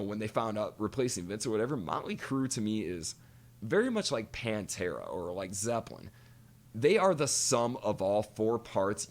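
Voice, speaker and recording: A man co-hosting a podcast, chatting casually and animatedly, cursing freely and telling stories with quoted voices. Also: on the low side. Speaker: podcast co-host. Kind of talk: casual chat.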